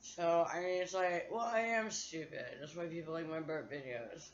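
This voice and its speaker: A woman's voice: sits low, normal speed, dull audio, a little hiss or hum. A woman vlogger talking to her phone in a candid, profane, rambling monologue.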